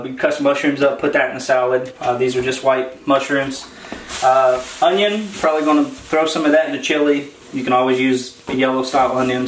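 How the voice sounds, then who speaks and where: Rambling man in a roomy echo. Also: medium pitch. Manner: rambling, filler-heavy, relaxed. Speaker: vlog co-host. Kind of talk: casual grocery haul chat. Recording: roomy echo, faint noise.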